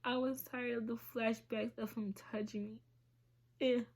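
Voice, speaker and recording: Woman on a personal vlog, slow and halting, breathy voice that slips into whispers. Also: a little high, flat delivery, darkish tone. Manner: halting, emotional, drops to whispers. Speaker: vlogger.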